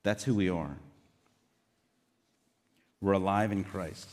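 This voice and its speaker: A man's voice: deep voice, slow pace, darkish tone. Man preaching in a reverberant hall. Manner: earnest, conversational preaching with asides. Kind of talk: sermon.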